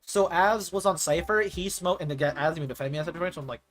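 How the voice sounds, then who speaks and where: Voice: mid-range voice, quick pace. A gaming streamer chatting casually and telling stories in a rambling way, with lots of "like" fillers. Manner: rambling, animated storytelling with filler "like".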